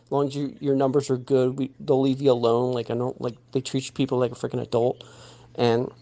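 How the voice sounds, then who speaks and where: A man in a casual podcast chat, telling a work story in a rambling, halting way with many restarts. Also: mid-range voice, monotone, warm tone.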